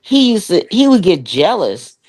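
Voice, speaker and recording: A woman's voice: mid-range voice, measured pace. An older woman, a comedian guest, telling candid, profane stories in an interview and acting out the people in them. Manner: profane, animated storytelling with voiced quotes.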